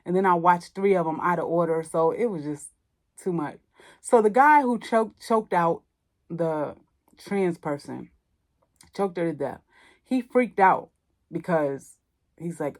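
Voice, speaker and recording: A woman hosting a movie podcast, casually retelling a film's plot and acting out the characters' lines with lively commentary. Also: medium pitch, a little fast. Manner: animated storytelling, acts out characters' lines. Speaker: podcast host. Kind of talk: casual movie review monologue.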